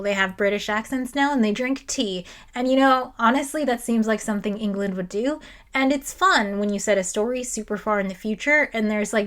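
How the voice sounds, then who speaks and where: Woman video essayist, higher-pitched, sarcastic and exasperated, close mic. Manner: sarcastic, exasperated, quoting people in mock voices.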